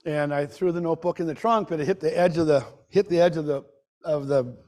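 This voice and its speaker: A middle-aged man speaking at a grief workshop, telling a personal story in a halting, emotional way with many restarts. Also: a little high, a little mellow. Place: medical center presentation room.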